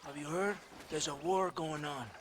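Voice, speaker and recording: Game: man as corrupt army captain, smooth, menacing drawl, slightly high. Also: steady tone, normal speed, crowd noise, natural voice. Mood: sneering. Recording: game audio with loud background noise.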